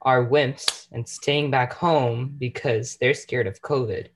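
A man's voice: mid-range voice, fairly even intonation, takes it slowly, noisy background. Teasing teenage guy hosting chat. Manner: teasing, laughs often. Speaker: podcast host. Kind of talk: casual chat.

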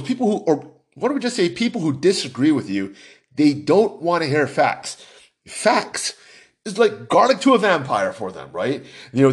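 A man hosting a podcast, talking in an animated, emphatic way with lots of restarts and "right?" tags. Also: fairly high pitch. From United States. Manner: deliberately animated and emphatic, pushing his voice up for effect. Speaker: podcast host. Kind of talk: animated solo podcast monologue.

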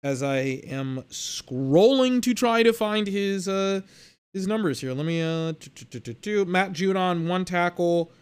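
A man's voice: sits high, a little slow, clean tone. A young man hosting a sports podcast, talking in a casual, blunt monologue with exasperated, slangy rants. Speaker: podcast host.

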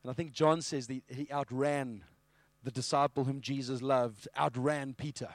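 A man preaching a sermon with animated storytelling. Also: mid-range voice, normal speed, no echo. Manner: animated storytelling, acting out scenes.

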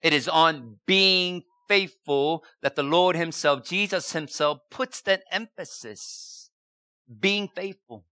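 A man's voice: on the high side, slow pace, sharp tone, no echo, clean studio sound. A man preaching a sermon as a pastor, asking rhetorical questions and repeating key words for emphasis.

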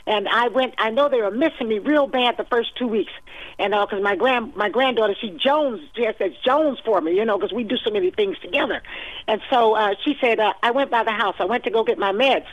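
An older woman chatting as an interview guest, telling lively stories and repeating her phrases. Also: fairly high pitch, fairly quick, no echo, highs cut off. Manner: lively storytelling, warm laughs, repeats phrases. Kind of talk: casual interview chat.

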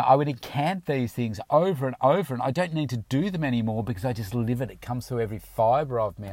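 A man's voice: medium pitch, darkish tone, no echo. A man giving a motivational coaching talk, emphatic and direct, often repeating affirmations aloud. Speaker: weight-loss coach.

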